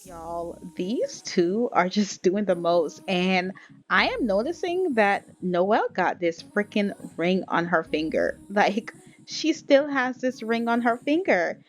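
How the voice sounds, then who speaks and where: Casting: young woman, playful let's-play narrator, chatty, mid pitch, soft music under her. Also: expressive, slow. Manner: chatty, playful, addresses viewers as "y'all", laughs often. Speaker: gaming video creator.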